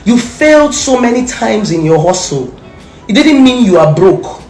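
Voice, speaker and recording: A woman's voice: medium pitch, very animated, moderate pace, a little mellow, faint music behind. Scolding Nigerian woman in an echoey room. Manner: scolding, confrontational, repeats insults for emphasis. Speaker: social media commentator. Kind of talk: angry direct-to-camera rant.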